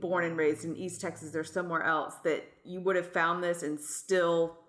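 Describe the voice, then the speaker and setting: A woman's voice: lowish voice, flat delivery, normal speed, a bit bright. Chatty american woman on a podcast, laughs easily, roomy sound. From United States. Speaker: podcast co-host. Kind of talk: casual chat.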